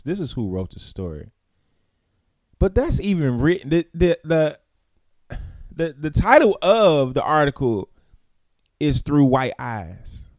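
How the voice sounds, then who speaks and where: A man hosting a morning talk show, giving preacherly, emphatic commentary that climbs to loud peaks and drops low. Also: no room sound, studio quality. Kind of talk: impassioned commentary and news reading.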